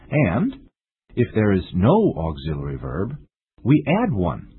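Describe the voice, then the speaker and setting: A man teaching an English lesson in a slow, deliberate, strongly stressed scripted delivery, with a husky voice. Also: deep voice, dry recording. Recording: tinny lo-fi dry recording.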